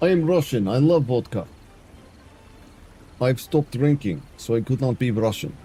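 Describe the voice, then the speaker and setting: A man live-streaming a game in a deliberately bad, broken-English Eastern European put-on, mock-serious and dropping his articles. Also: medium pitch, expressive, dark tone, husky, voice pushed up. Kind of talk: playful accent bit while live-streaming a game.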